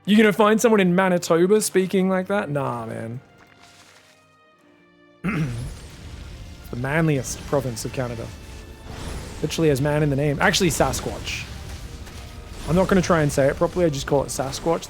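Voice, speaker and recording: A man giving solo esports commentary in a chatty, joking way with excitable asides. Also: a little high, normal speed, pauses often, soft background music. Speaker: esports caster.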